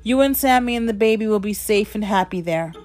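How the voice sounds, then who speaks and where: A woman voicing her kind, protective brother who reassures her gently. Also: mid-range voice, a little fast, faint music behind, lightly acted. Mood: tender.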